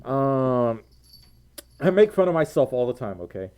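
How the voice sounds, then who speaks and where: Tired, giggly streamer with a dark voice. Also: medium pitch, sing-song, a little slow, clear, resonant tone. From United States. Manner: giggly, rambling, thanks viewers warmly. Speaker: live streamer. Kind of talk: casual live stream chat, reading donations.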